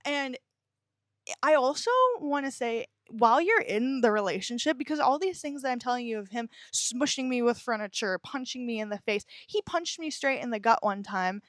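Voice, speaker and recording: A woman's voice: fairly high pitch, normal speed, no echo, clean studio sound. A young adult woman hosting a podcast, talking bluntly and emphatically about her own life and swearing often. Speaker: podcast host. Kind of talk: personal confessional monologue.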